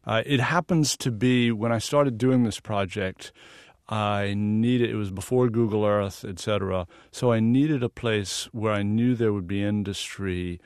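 Middle-aged Southern-born man, low voice, dry studio sound, earnest interview guest. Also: a little slow, a little mellow, clean tone, no echo. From American South. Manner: earnest, explanatory, laughs easily. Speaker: photographer guest. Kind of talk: radio interview.

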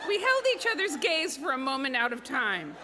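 A woman's voice: sits high, very animated, normal speed, a crowd in the background. A woman telling a comic personal story on stage, with a wry, self-mocking delivery. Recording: reverberant hall with background noise.

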